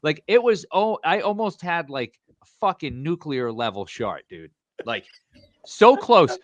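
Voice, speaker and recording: A man's voice: fairly high pitch, very animated, unhurried, a bit bright, dry recording. A man co-hosting a podcast, telling crude stories in casual chat, profane and laughing often. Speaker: podcast co-host.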